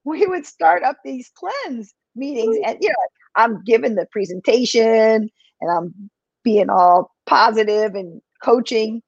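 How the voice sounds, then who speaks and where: A woman health coach talking in a live podcast interview, telling her story in a chatty, animated way. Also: on the high side, measured pace, gravelly, husky, no echo. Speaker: health coach and business owner. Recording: dry, dull lo-fi sound.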